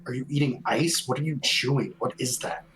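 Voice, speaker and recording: A man playing in a live-streamed tabletop role-playing game, teasing the table in a dry, low-key way. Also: expressive, fairly quick, fairly bright tone, rough recording. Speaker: player.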